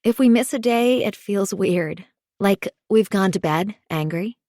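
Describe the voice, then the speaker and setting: A woman voicing a blunt, teasing female friend in an audiobook, talking frankly in a higher voice. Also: measured pace, dark tone, dry recording, clean studio sound, close to an everyday voice. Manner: frank, teasing, raised pitch.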